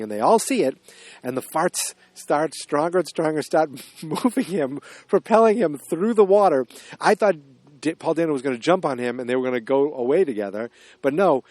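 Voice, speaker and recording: A man's voice: on the high side, a little mellow, no room sound. A man hosting a podcast, recapping a film's plot in a rambling, puzzled way, with many restarts and fillers. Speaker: podcast host. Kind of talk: casual movie recap.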